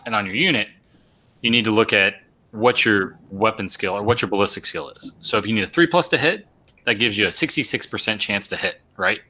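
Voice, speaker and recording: A man hosts a relaxed live show about tabletop wargames. His voice sits a little low and sounds bright and pushy. He explains things step by step, often restarting and repeating words. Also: brisk, slight background noise. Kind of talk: casual chat and tactics explanation.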